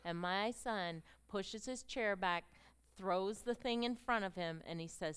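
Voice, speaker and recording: A middle-aged woman telling her story as a sermon to a group of women, moving from hushed storytelling to fervent, emotional exclamations. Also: medium pitch, a little slow, smooth. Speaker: speaker at a women's gathering. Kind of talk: testimony sermon.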